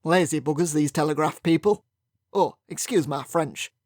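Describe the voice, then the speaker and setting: A man voicing a loud, blunt middle-aged factory owner with a booming Yorkshire accent. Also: normal speed, no room sound, clean studio sound, close to an everyday voice. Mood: grumbling. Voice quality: booming, gruff. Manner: blunt and rude.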